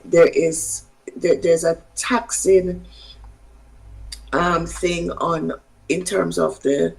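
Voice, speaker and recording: A woman physician from Jamaica, giving health advice in a measured, halting way. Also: on the low side, little pitch movement, creaky, rough recording. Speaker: physician guest.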